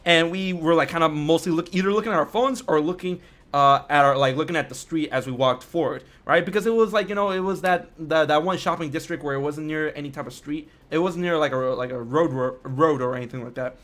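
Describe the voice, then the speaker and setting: A man hosting a podcast in casual chat, excitable and quick to laugh, full of fillers and slang. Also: a little high. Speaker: podcast host.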